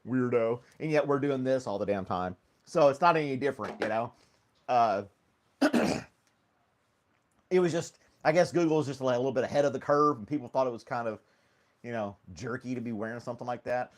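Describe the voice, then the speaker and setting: A man, talking at a middling pitch as he hosts a relaxed morning live stream from home. He rambles through loose chat, laughs easily and calls out viewers by name. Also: fairly quick. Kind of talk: casual chat with live chat readers.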